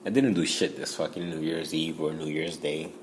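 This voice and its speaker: A man's voice: a bass voice, fairly even intonation, normal speed, a little hiss or hum. A young man, rambling casually and profanely in a laid-back monologue.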